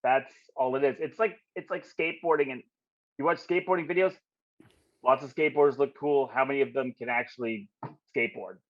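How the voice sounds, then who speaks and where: A man's voice: mid-range voice, brisk. A man co-hosting a comedy podcast, joking wryly in casual chat. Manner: wry, joking, mocks surfer talk. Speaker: podcast co-host. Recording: slightly dull sound.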